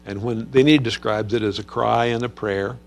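Gravelly man teaching the Psalms. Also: medium pitch, fairly even intonation, normal speed. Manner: conversational, with many fillers and restarts. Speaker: Bible teacher. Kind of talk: Bible study teaching.

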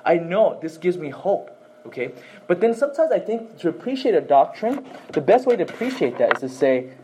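Bible teacher guy, higher voice, husky, keeps checking in with "okay?" and quizzing the room. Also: a little mellow, low-quality recording. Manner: quizzes listeners with questions, frequent "okay?".

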